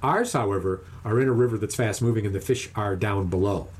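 A man casually telling a long, animated fishing story, acting out the other people's lines in raised voices. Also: fairly low pitch, fairly quick, husky.

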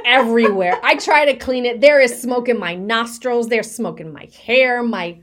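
A woman co-hosting a podcast, telling a story in lively casual chat and mixing in Spanish words. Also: a little high. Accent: Latina, Spanglish mix. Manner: animated, shouts and mixes in Spanish words. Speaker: podcast co-host.

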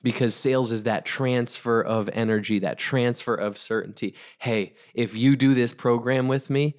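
A man giving an energetic motivational talk on sales, emphatic and repetitive, driving his points home. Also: mid-range voice, normal speed. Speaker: podcast host, entrepreneur.

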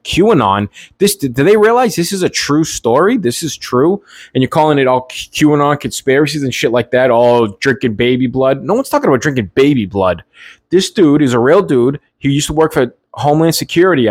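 A man's voice: medium pitch, no echo, clean studio sound. A man hosting his own show, talking off the cuff in a blunt, profane, rambling rant full of restarts. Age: adult, has nieces and nephew. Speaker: podcast host. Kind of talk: unscripted solo political rant.

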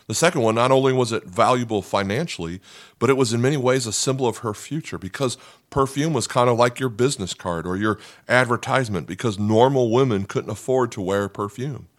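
A male pastor preaching a conversational sermon, asking rhetorical questions and voicing the people in the story. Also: fairly low pitch.

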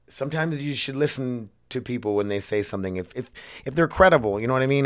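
A man's voice: mid-range voice, clean tone. Man, podcast host, casual solo chat, rambling, candid, swears a lot, clean resonant voice.

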